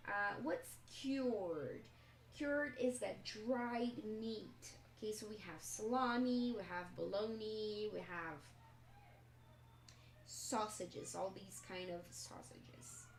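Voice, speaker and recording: Woman teacher, unhurried explanatory delivery, echoey room with faint noise. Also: mid-range voice. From Brazil. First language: Portuguese. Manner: slow, explanatory, checks in with "okay?". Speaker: English teacher. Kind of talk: live-stream language lesson.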